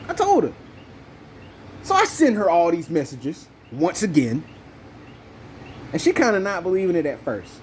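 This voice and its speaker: Animated man telling a story. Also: moderate pace, slight background noise, poor audio. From Southern United States. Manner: animated, profane, jumps into high voices when quoting himself. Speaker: podcast host. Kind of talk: casual storytelling chat.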